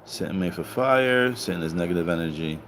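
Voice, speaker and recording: Animated man ranting with swearing. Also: brisk, a little hiss or hum. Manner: animated, swearing, rhetorical questions; acts out quoted voices with higher pitch. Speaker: online commentator. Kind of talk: casual livestream monologue.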